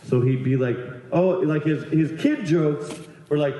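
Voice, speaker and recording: A man with a slightly high voice spins a crude, rambling comic story in casual chat. He keeps jumping into loud put-on voices for the people in it. The sound bounces around a very echoey room. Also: measured pace, few pauses. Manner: rambling, profane, acts out other people's lines with big voice jumps.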